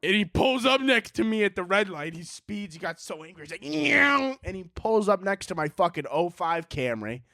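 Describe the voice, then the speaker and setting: Male podcast host, high and very lively pitch, casual profane storyteller, dry close recording. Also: fairly quick, few pauses, no echo. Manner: animated, profane, laughs often, acts out both sides of a story.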